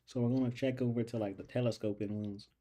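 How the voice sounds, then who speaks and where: A young man streams himself studying calculus, talking to his viewers in a loose, casual way. His voice is mellow and dark. He repeats his questions aloud, working through each step until it makes sense. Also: mid-range voice, steady tone, fast.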